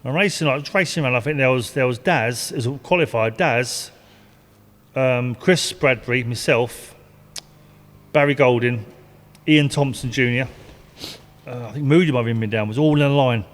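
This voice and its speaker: An older man, a retired stock car driver, rambles through anecdotes and laughs in a casual storytelling interview. His mid-range voice moves at a moderate pace with long pauses, and the recording carries a long reverb.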